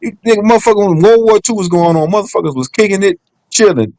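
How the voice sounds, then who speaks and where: A man's voice: high-pitched, lively intonation, darkish tone, no echo, poor audio. A man chatting casually on a livestream, telling stories in a joking, profane way. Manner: fast, joking, profane storytelling.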